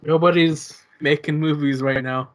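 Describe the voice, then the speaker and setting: A man co-hosting a podcast, chatting casually about films and shows in a relaxed, rambling way that trails off. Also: fairly high pitch, normal speed. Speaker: podcast co-host. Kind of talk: casual chat.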